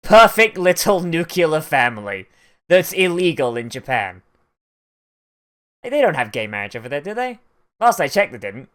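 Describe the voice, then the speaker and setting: A mid-range voice with big pitch swings speaks at normal speed and pauses often. It belongs to an anime reaction host doing casual watch-along commentary, rambling with plenty of "like" fillers and laughs.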